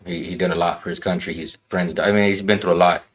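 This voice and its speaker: A man in a casual podcast chat, telling a story in rough, profane language. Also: low-pitched, steady tone, fast.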